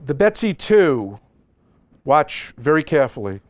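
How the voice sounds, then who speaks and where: Animated joking man giving a seminar. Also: fairly high pitch, unhurried, no echo. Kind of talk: live seminar talk with slides. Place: seminar event space.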